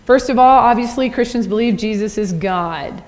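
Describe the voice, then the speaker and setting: A woman's voice: fairly high pitch, moderate pace. A woman giving a conversational church teaching, often checking in with the audience by asking "right?". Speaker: Christian apologetics teacher. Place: church hall. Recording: long hall reverb.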